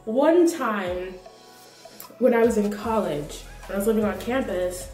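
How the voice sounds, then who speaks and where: Animated young woman in a roomy echo. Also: mid-range voice, measured pace. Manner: animated storyteller, laughing through her points. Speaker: vlogger. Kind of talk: casual vlog monologue. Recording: roomy echo, distant from the mic, faint music.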